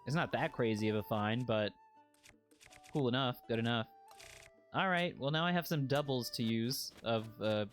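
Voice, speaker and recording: A man streaming a video game, chatting in a playful, joking way and breaking into excited squeals. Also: medium pitch, normal speed, soft background music. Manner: puts on a put-on accent by habit. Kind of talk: casual let's-play commentary.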